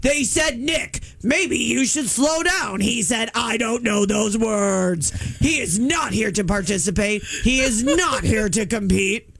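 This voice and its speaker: A man co-hosting a radio show, reading an over-the-top hype introduction with theatrical shouting. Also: very high-pitched, lively intonation, slow pace, few pauses, a little hiss or hum. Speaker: radio co-host.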